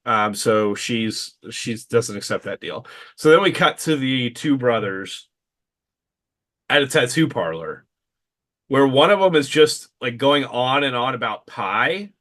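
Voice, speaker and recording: A man's voice: medium pitch, lively intonation, unhurried, a bit bright. A man co-hosting a casual film podcast, recapping the plot with sarcastic asides. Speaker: podcast co-host. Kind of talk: casual film review chat.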